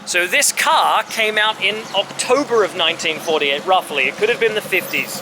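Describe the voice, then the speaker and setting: A man with a fairly high voice chats his way through a travel vlog, upbeat and easygoing, slowing down and keeping his words simple when he talks to locals. He is recorded outdoors on a handheld camera mic. Steady street noise and passing vehicles sit loudly behind him. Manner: upbeat, chatty, speaks slowly and simply to locals. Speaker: travel vlogger. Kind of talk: casual travel vlog chat. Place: outdoors at a street-side car yard.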